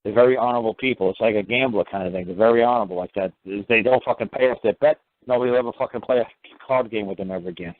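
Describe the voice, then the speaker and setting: A man answers callers on a call-in show, blunt and profane, lecturing as if he has said it all before. He talks fast. His voice comes through dry and thin, with a tinny phone-line sound. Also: on the low side, no echo. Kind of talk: call-in radio talk.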